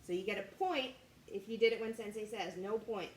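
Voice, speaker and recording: A young woman leading a children's martial arts warm-up class, coaching in an upbeat, sing-song way. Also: medium pitch, a little fast. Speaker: kids martial arts instructor. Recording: echoey room with faint ambient noise.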